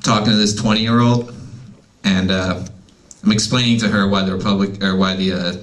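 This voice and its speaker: A man's voice: on the low side, level tone, normal speed. Wry, self-deprecating stand-up guy. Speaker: stand-up comedian. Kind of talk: stand-up comedy set. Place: steakhouse open mic night.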